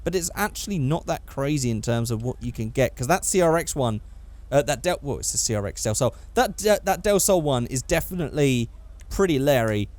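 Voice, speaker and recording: A man's voice: mid-range voice, animated, fairly quick, a little mellow. A young man giving rambling, casual gameplay commentary, swearing freely and correcting himself as he goes. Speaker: gaming YouTuber.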